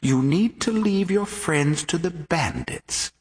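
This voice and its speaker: An actor playing a scheming, menacing male tempter in an audio drama, slow and commanding, dropping to a hush and rising loud. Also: on the high side, animated. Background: music.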